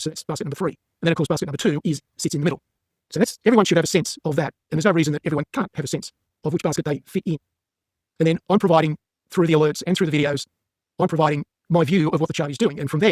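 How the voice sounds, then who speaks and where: Fast-talking man, husky voice. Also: a little high, darkish tone, no room sound, studio quality. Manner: brisk and emphatic, plain-spoken. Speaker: stock market analyst for paying members. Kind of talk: market update walking through charts.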